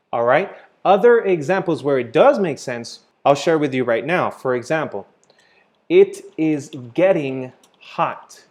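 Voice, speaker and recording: A man teaching English grammar, explaining slowly and checking in with "right?" and "okay?" as he goes. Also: mid-range voice, a little mellow. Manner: patient, repeats points with "right?" and "okay?".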